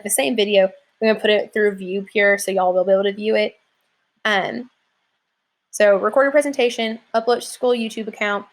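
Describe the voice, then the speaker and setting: A young adult woman teacher giving a casual recorded lesson from home, chatty and informal, with many fillers. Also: medium pitch. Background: leaf blower outside.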